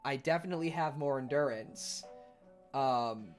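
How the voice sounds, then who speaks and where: A young man chatting casually on his livestream in an animated, rambling way, full of fillers. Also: mid-range voice, normal speed, faint music behind. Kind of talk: casual stream chat.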